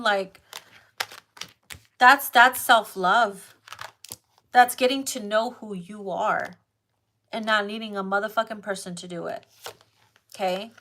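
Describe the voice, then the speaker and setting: Her voice is fairly high and fairly bright as this woman does a laid-back tarot reading straight to camera for her viewers. Profanity runs all through her blunt, emphatic delivery, over a bit of background noise.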